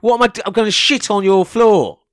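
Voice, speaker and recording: A man's voice: high voice, a little fast, no echo, studio quality. A British man co-hosting a casual comedy podcast, crude, laughing a lot and going off on tangents. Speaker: podcast co-host.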